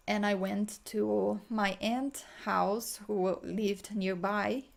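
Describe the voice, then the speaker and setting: A woman guiding a healing meditation, talking slowly and softly with sighs, sometimes chanting in an invented language. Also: mid-range voice, fairly even intonation, gravelly. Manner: slow, soft, sighing, breaks into chanted light language. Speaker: spiritual healer.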